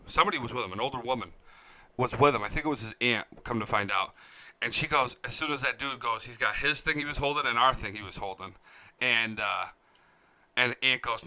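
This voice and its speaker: A man's voice: mid-range voice, brisk, sharp tone. A man hosting a sports show from a studio, telling stories bluntly and with plenty of swearing while he chats casually to his viewers. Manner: blunt, profane storytelling.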